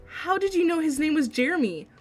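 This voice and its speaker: A woman's voice: high-pitched, lively intonation, fairly quick, voice pushed up. A woman reading the lines of a nervous, earnest teenage boy, shaky and indignant. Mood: flustered.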